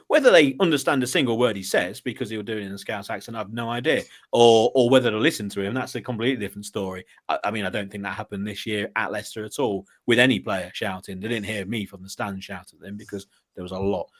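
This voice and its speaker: A man with a fairly low voice, chatting as a guest on a podcast. He talks in a loose, rambling way, circling back with restarts and fillers. The tone stays casual and conversational. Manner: chatty, rambling, laughs at his own asides.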